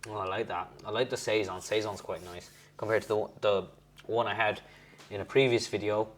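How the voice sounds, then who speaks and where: A young man with a fairly low pitch and steady tone speaks a little fast over slight background noise. He's the host of a casual beer-tasting vlog, sampling and rating beers at home while rambling and correcting himself.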